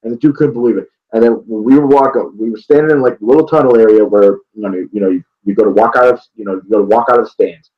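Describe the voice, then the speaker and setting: A man's voice: on the low side, fairly even intonation, fast, few pauses. A young man from northeast Ohio, chatting casually about a game, rambling with restarts and swearing freely. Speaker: sports vlogger. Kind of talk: casual chat. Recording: dull lo-fi sound.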